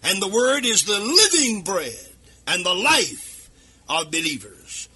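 Fervent husky-voiced male preacher. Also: high voice, big pitch swings, takes it slowly. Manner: fervent, rising to shouts and sing-song cadences. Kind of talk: sermon. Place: radio broadcast. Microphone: speaking into a microphone.

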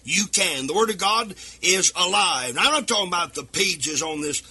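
Male radio preacher, high-pitched and husky, fervent delivery swinging into shouts and sing-song. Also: lively intonation, moderate pace. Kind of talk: sermon. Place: radio broadcast. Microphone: speaking into a microphone.

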